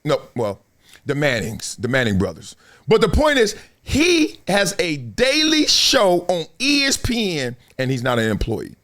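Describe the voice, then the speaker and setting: Animated slangy male podcast host. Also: a little high, unhurried. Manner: laid-back slangy talk, breaks into freestyle rap. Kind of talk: casual commentary.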